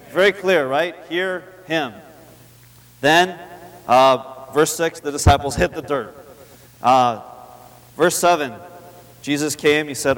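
A man delivers a sermon in a relaxed, conversational manner, repeating key phrases for emphasis. His voice sits a little high for a man. He slows down to read scripture, and his words ring out in a large hall with a long reverb. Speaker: preacher.

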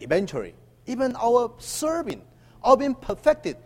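Male preacher, high animated voice, long hall echo. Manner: halting with many uh fillers, emphatic call-and-response. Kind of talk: sermon.

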